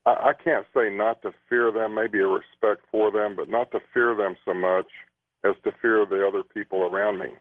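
A male guest haltingly recounting his own experience during an interview. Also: lowish voice, no room sound. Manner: hesitant, halting. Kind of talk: personal account in an interview. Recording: phone-line sound.

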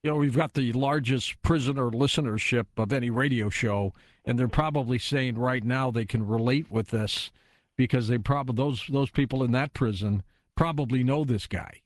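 A man's voice: medium pitch, moderate pace, no echo. A male radio host taking calls, easygoing, with short reactions. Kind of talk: late-night talk radio hosting. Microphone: studio microphone. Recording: dry studio sound.

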